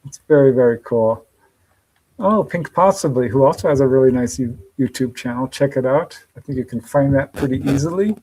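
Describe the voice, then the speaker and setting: A man's voice: mid-range voice, brisk, a little mellow, slightly rough, poor audio. A man hosting a live podcast stream, upbeat and chatty, greeting viewers by name and laughing often. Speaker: podcast host. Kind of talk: casual livestream chat.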